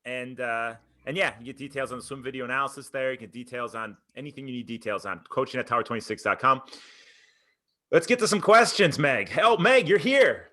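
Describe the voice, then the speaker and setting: Bright, teasing male podcast host. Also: mid-range voice, fairly quick. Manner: playful, teasing, animated. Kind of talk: joking live podcast banter. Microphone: video call.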